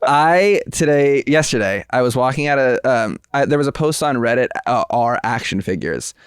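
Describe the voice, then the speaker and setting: A man's voice: normal speed, smooth, no echo, clean studio sound. A man co-hosting a comedy podcast, telling rambling stories in casual chat. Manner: rambling storyteller, bursts of high-pitched excitement. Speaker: podcast co-host.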